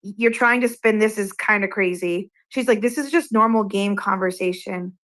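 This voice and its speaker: A woman's voice: medium pitch, normal speed, fairly bright tone. A woman from Massachusetts, a regular on the show, casually retelling an argument from an online game, quoting back and forth and swearing. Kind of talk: casual chat, storytelling.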